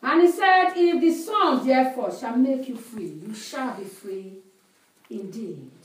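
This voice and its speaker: Slow, high-voiced woman preaching in a hall. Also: expressive. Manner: slow, emphatic, repeats phrases for the interpreter. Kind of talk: sermon with live interpreter. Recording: echoey hall, distant mic.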